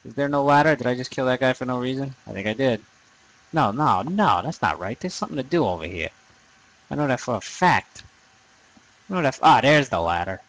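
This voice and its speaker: A young man commenting on his own gameplay in a loose, rambling way, swearing freely and making fun of his own nerdiness. His voice sits at an everyday middle pitch, neither high nor low. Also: expressive, fairly quick, fairly bright tone, poor audio. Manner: profane, rambling, self-deprecating. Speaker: gaming commentator. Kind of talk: let's play commentary.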